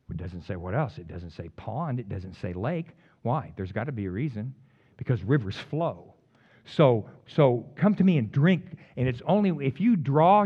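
A man preaching a sermon as pastor, jumping between loud emphatic peaks and quiet, joking asides to the congregation. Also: mid-range voice, highs cut off. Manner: humorous, teasing the congregation.

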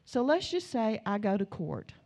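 An older woman, preaching a sermon and telling a lively story in which she acts out the voices of her family. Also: mid-range voice, normal speed, gravelly. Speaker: pastor.

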